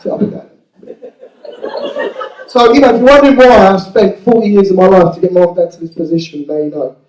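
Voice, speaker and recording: A man's voice: high-pitched, fairly even intonation, brisk, a little mellow, roomy sound, distant mic, poor audio. A man doing a stand-up routine, telling a childhood story in a crude, self-mocking way. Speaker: stand-up comedian.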